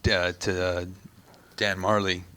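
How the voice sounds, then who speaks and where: A man's voice: sits low, level tone, unhurried, pushed and bright, slight background noise. A man hosting a podcast, chatting about sports in a casual, profane way, telling rambling stories full of restarts and rising emphasis.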